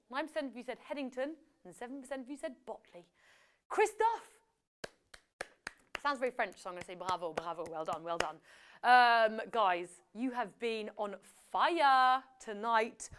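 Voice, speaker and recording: A woman's voice: fairly high pitch, fairly bright tone. A young woman hosting a live quiz show, chatty and playful, with self-correcting asides. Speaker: quiz host.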